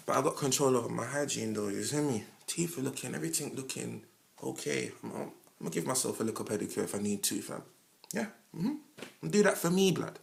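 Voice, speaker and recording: A man with a London accent, giving a passionate monologue as a podcast host, speaking straight to the listener with plenty of slang and sudden loud bursts. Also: fairly quick, creaky. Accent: London English. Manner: animated, switches between loud outbursts and low asides; heavy London slang, addresses listener directly. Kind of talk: impassioned monologue.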